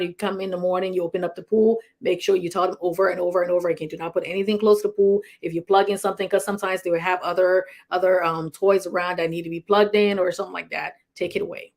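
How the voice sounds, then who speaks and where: A woman's voice: on the low side, gravelly, darkish tone. A middle-aged woman from Liberia, a clinician, giving casual safety tips to an online audience in a rambling, conversational way with many restarts and chuckles. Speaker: health talk host, clinician.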